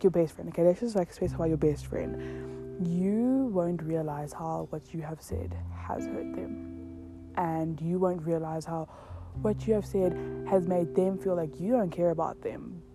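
A woman's voice: lowish voice, vocal fry. A young woman from South Africa talking candidly in a casual podcast monologue, swearing freely and filling her talk with "like". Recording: guitar music playing behind. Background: guitar music.

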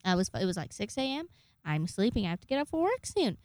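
A woman's voice: medium pitch, sing-song, fast talker, darkish tone, no echo. A young woman hosting a casual monologue, rambling in a chatty way and swearing freely. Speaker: host.

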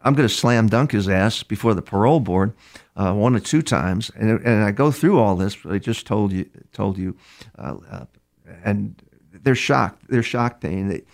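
A low-pitched man from New York with a gravelly, fry-laden voice tells case stories in an interview. He rambles and restarts often, repeating words as he goes, and slips into the voices of the people in his stories. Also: normal speed, darkish tone. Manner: acts out other speakers' words inside his stories. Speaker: criminal profiler, guest. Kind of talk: storytelling in a conversational interview.

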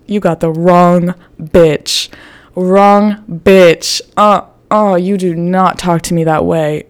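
A young woman vlogger telling a story casually, animated and profane, often laughing as she talks. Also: fairly low pitch.

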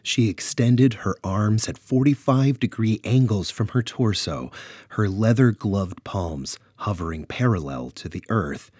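A man's voice: on the low side, measured pace, husky, no room sound, studio quality. A man narrating a dramatic pulp adventure story. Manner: animated, dramatic.

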